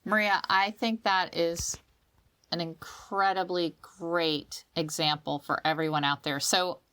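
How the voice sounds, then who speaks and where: A woman's voice: lowish voice, unhurried. A woman co-hosting a podcast in casual chat, telling stories expressively with frequent restarts. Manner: expressive, restarts often, animated storytelling. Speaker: podcast co-host.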